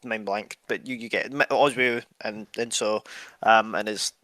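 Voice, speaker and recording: Dude reading history bits then cracking dry jokes, bright forceful voice, dead dry room. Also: male voice, lowish voice, fairly even intonation, a little slow, no room sound. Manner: reads passages then jokes dryly. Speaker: podcast co-host. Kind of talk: reading history aloud with chat.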